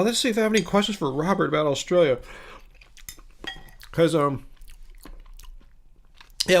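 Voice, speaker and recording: A man with an American accent and a notably high voice, chatting loosely on a livestream. He eats as he talks and wanders through viewer comments, circling back with lots of fillers and restarts. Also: a bit bright. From United States. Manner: rambling and curious, many fillers and restarts; eating while talking. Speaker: livestream host. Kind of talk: casual livestream chat answering viewer comments.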